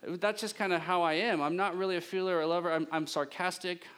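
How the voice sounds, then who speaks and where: Preaching at a quick pace with a clean tone, a male pastor keeps his sermon conversational, joking now and then and teasing himself. Animation pushes his voice up in pitch and volume.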